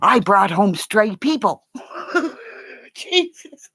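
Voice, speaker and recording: Animated older woman telling stories. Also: medium pitch, drawn-out words, breathy edge. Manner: animated, laughing, swearing storyteller. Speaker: vlogger. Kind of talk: casual storytelling.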